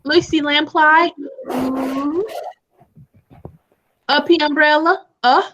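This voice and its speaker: High-voiced woman teacher, slow, sing-song phonics drills over a video call. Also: steady tone, fairly bright tone, a little hiss or hum, low-quality recording. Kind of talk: live online phonics lesson for young children.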